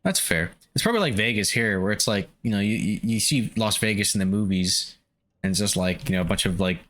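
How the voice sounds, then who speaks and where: A man's voice: lowish voice, animated, fairly quick, a bit bright. A young man streaming a game, chatting casually with viewers, laid-back, swearing and laughing often. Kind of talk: casual gameplay chat with viewers.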